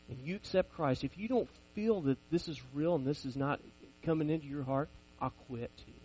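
A man's voice: medium pitch, darkish tone, poor audio. A man in his forties preaching a sermon, telling personal stories in a conversational, self-deprecating way.

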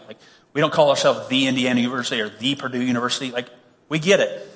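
Man, pastor, conversational sermon with jokes, bright forward voice, long hall reverb. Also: medium pitch, fast talker. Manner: conversational preaching with humor and asides.

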